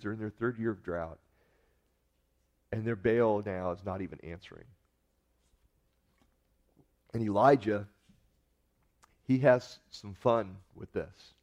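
A man preaching a sermon at an ordinary pitch, talking to the congregation with a wry, joking edge. The recording sounds dull and lo-fi. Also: mellow. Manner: conversational preaching with wry humor. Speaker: pastor.

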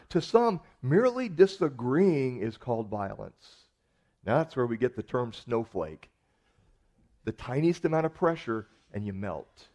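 A man's voice: fairly high pitch, darkish tone. A man preaching a sermon, with conversational storytelling and earnest emphasis.

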